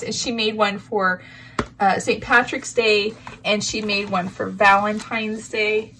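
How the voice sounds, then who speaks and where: In her crafting vlog, a woman displays handmade gifts to the camera, emotional and near tears, gushing with sentimental, breathy asides. Her voice is medium-pitched and fairly bright, with fairly even intonation and a slow pace, against a little hiss or hum.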